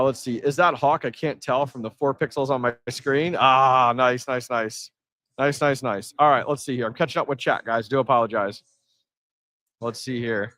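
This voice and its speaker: A man hosting a live stream from an event floor, chatting casually and answering his chat with energy. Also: mid-range voice. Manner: energetic, reads chat aloud, quick asides.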